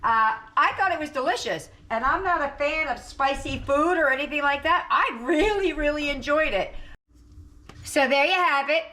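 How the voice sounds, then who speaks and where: A middle-aged woman hosts her home cooking channel in a chatty, giggly, homey way. Her voice is bright and sits a little high. The room around her sounds echoey and hard. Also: expressive, moderate pace. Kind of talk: casual chat while taste-testing food.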